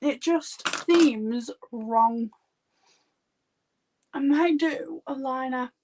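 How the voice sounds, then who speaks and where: Yorkshire woman in her thirties, high-pitched and slow-paced, chatty makeup artist rambling through a live stream. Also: noisy background. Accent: Yorkshire English. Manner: chatty and rambling, heavy use of "like". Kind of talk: casual live-stream chat.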